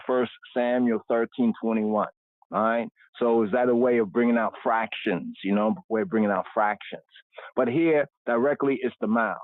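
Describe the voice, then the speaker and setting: A man's voice: mid-range voice, no echo. A man teaching a livestreamed scripture study, unpacking Hebrew words and tagging nearly every phrase with "right?". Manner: explains Hebrew words slowly, with constant "right?" checks. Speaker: Bible teacher. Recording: dry, phone-like narrow sound.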